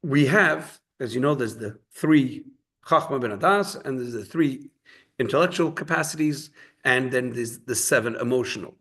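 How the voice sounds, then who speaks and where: Man, mid-pitch, casual Torah teacher, talks things through with stories and asides. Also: expressive, moderate pace, fairly bright tone, breathy edge. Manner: conversational, storytelling with quoted voices. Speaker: rabbi teaching a Torah class. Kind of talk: informal Torah class with stories.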